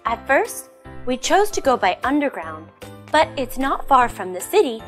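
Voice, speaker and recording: A woman voicing a calm young woman answering in a scripted textbook dialogue, with plain, steady replies. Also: high-pitched, moderate pace, soft background music.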